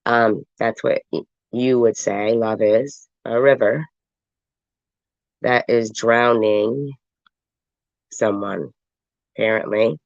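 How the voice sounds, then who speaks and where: A woman's voice: a bass voice, fairly even intonation, slow pace, vocal fry, long pauses, dry recording, highs cut off. A woman with a stuffy, congested voice giving sarcastic, mocking live reaction commentary. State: congested from a cold.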